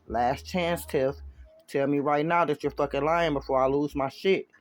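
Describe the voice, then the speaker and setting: A man's voice: a little high, fairly even intonation, normal speed, no echo, close to an everyday voice. A man reading the part of a cold, threatening boyfriend who curses in anger. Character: angry, ice-cold boyfriend.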